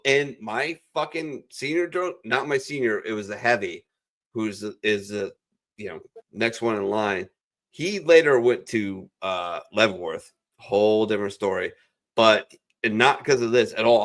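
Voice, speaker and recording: A man's voice: fairly low pitch, fairly bright tone. Man, former marine, swears a lot, rambling stories, video call chat. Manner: profane, rambling storyteller. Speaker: veteran show host. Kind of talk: casual chat.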